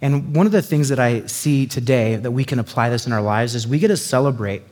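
A man preaching a sermon as a pastor, animated and conversational, acting out quoted lines with sudden high bursts. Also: fairly quick. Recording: long hall reverb.

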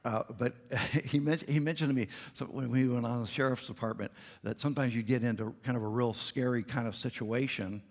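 A middle-aged man preaches in a church, earnest and conversational with a light touch of humor. His voice is gravelly and a little husky, and it rings out with the long reverb of a large hall. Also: mid-range voice, steady tone, fairly quick. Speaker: pastor. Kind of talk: sermon. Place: church sanctuary.

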